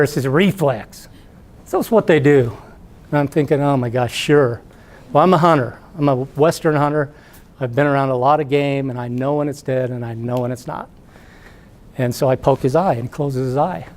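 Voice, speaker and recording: A middle-aged man, an entrepreneur, giving a talk to students as an animated storyteller who acts out the voices. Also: mid-range voice. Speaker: entrepreneur guest speaker.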